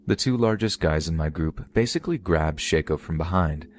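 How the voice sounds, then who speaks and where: A man reads a creepy first-person story aloud in an even, measured way. His voice sits very low. A faint hiss of background noise runs under the recording. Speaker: story narrator.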